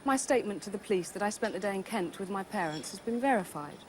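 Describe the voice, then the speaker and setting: A woman's voice: mid-range voice, lively intonation, quick pace, close to an everyday voice. A cold, embittered wife , as a woman acts her, answers in clipped and guarded tones. She comes from a 1990s television crime drama, and her mid-range voice sits over a faint hiss. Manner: clipped, cool and defensive. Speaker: pregnant wife of a murdered man.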